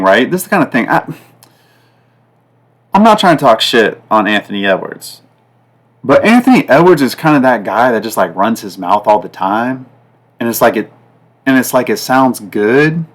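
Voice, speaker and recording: Rambling, excitable betting podcast man. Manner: rambling, repetitive, fillers like "like" and "guys"; pitch and loudness swing up and down from line to line. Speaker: sports betting podcast host. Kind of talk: casual betting talk.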